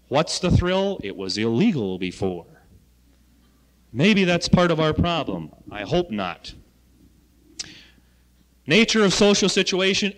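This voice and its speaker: Animated male lecturer in an echoing hall. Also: fairly high pitch. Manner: animated, swings from loud emphasis to quiet asides. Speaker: school health education coordinator. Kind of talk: lecture to students. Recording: archival 1970 lecture recording in a reverberant hall.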